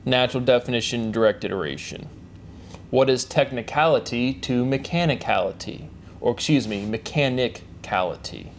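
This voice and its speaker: A man's voice: medium pitch, a little hiss or hum. A man hosting his own solo series, talking in a repetitive way and chanting rhetorical questions and stock phrases. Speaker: host of a solo word-derivation series. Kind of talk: solo spoken monologue.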